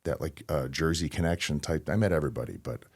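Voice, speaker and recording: A man in his thirties, a wrestler and interview guest, telling stories in a relaxed, anecdotal way with laughs between lines. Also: extremely low pitch, fast. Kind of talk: casual interview storytelling.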